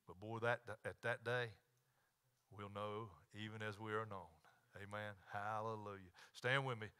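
A man's voice: lowish voice, bright, forceful tone, clear, resonant tone. A man, a pastor closing a sermon with an altar call and prayer in a pleading, repetitive preacher cadence. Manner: pleading Southern preacher cadence, repeated invitations. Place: church sanctuary.

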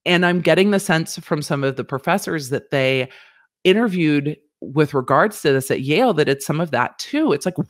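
A woman lawyer hosting a commentary show, talking frankly and animatedly, often mimicking other people in quick high voices. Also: lively intonation, no room sound, studio quality. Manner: frank, swears casually. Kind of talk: commentary vlog.

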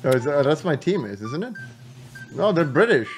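A man streaming a war game, bantering and swearing with teammates over voice chat, shouting mock officer commands. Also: a little high, sing-song, moderate pace, over music. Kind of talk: casual gaming banter with voice chat.

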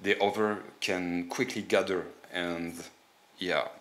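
French-accented male reactor, very low voice, slow halting speech, faint background noise. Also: fairly even intonation. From France. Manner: halting, many fillers and restarts. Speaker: reaction video host. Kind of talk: casual commentary.

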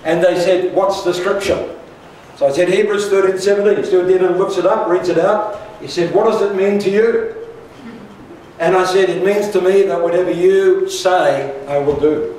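A man's voice: high voice, steady tone, normal speed, a little mellow, a little hiss or hum. An older man preaching a sermon, telling a personal story with humour and asides to the congregation. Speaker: pastor. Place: church hall. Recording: echoey church hall from far off.

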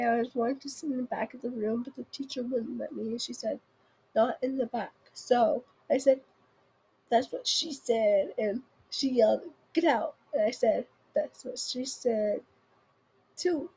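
Breathy high-voiced young woman reading texts. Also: dark tone, poor audio. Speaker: video host. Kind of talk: reading funny texts aloud.

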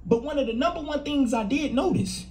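A man's voice: very high voice, fairly quick, a little mellow. A man hosting a casual commentary video, mocking and conspiratorial in tone. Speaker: host.

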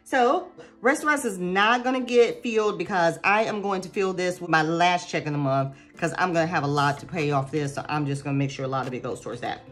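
A woman's voice: lowish voice, brisk, faint music behind. Chatty woman vlogger. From United States. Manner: chatty and animated, addresses viewers as y'all. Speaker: budgeting vlogger. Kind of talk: casual chat to camera.

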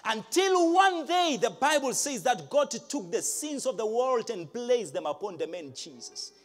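Male pastor, live sermon, big swooping delivery that climbs to shouts. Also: very high-pitched, sing-song, measured pace, faint music behind. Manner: emphatic, rising to shouts, asks the crowd questions. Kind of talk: live preaching. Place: large church hall.

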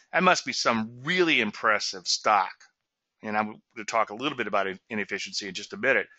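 A man's voice: medium pitch, pushed and bright, no echo, dull audio. A middle-aged man from Louisiana giving trading commentary in a chatty webinar, with sarcastic asides and a habit of tagging "okay?" onto points.

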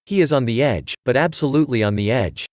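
A man's voice: mid-range voice, lively intonation, fast talker, no echo, studio quality, close to an everyday voice. A man reading as a shrewd cryptic detective. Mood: musing. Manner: cryptic, thoughtful. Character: fussy Belgian male detective, shrewd and cryptic.

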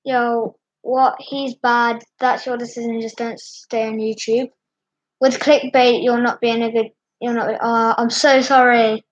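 Young female vlogger, husky and slow, panicky and apologetic, dull lo-fi audio. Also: a little high, level tone. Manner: panicked, apologetic, repeating words. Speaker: YouTuber. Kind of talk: distressed vlog commentary. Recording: dull lo-fi sound.

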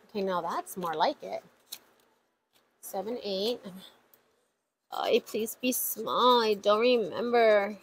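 A woman vlogging about her savings challenges, chatting excitedly to viewers and counting money out loud. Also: mid-range voice, a little hiss or hum, low-quality recording. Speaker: budgeting vlogger. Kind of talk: casual vlog talk to viewers.

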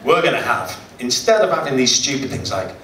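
A man's voice: medium pitch, very animated, brisk. A man, doing a live stand-up set in a hotel function room and joking with the crowd. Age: 40s. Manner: chatty, jokes with the crowd. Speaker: stand-up comedian. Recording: roomy distant live recording with loud noise.

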